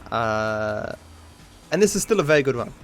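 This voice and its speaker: A speedrunning streamer commentates his own run live, his mid-range voice swinging widely in pitch at a normal speed over soft background music. He swears a lot, talks to chat between attempts, and comes across frustrated and self-mocking.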